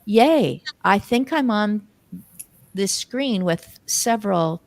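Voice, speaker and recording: Gravelly woman speaking in a dry room. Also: mid-range voice, expressive, takes it slowly, no echo. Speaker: panel guest. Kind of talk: panel discussion. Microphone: video call.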